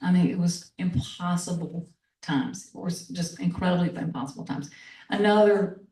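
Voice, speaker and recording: A woman's voice: on the low side, moderate pace, dark tone. An older woman with a North Carolina accent, an author talking about her novel and reading from it, thoughtful and full of fillers. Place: bookstore event space. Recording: echoey room, from far off.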